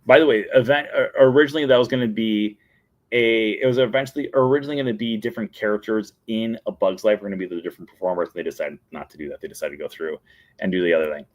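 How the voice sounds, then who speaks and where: A man with a fairly low voice hosts his own talk show in a casual, chatty way. He is eager and enthusiastic as he retells scenes and quotes characters along the way. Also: fairly even intonation, quick pace. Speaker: show host.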